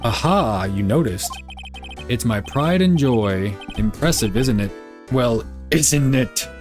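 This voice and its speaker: A man's voice: mid-range voice, lively intonation, slow, darkish tone, faint music behind. A man doing a pompous evasive old lawyer. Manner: stuffy, hemming and hawing.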